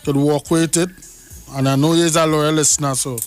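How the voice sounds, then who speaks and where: A man's voice: on the high side, little pitch movement, moderate pace, clean tone, soft background music. A man hosting a radio phone-in, encouraging the caller with short acknowledgements and promo talk. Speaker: radio host.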